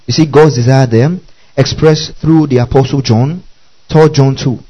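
A male pastor preaching a sermon with call-and-response, building to forceful exhortation. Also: medium pitch, steady tone, normal speed, highs cut off.

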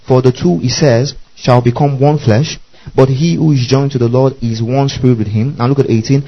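A man's voice: mid-range voice, fairly even intonation, normal speed, muffled recording. A man preaching a Bible-teaching sermon, spelling out Greek words letter by letter and often asking the listeners whether they follow.

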